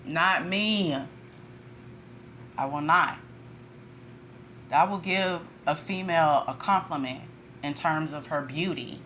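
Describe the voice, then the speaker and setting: A woman's voice: low voice, fairly bright tone, a little hiss or hum. A woman tarot reader ranting in a casual monologue, blunt and profane, with frequent laughter.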